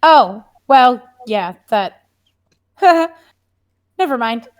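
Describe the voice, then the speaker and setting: A woman's voice: on the high side, animated, extremely slow. A woman playing a character in a tabletop game, chatty and playful in tone. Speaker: player. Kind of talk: in-character tabletop role-play.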